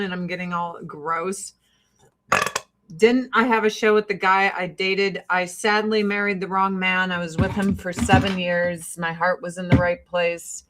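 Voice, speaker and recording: A woman's voice: medium pitch, a bit bright. Profane, blunt woman chatting with viewers. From Joliet, Illinois, USA. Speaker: livestream host and beauty product seller. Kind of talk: casual livestream chat with viewers.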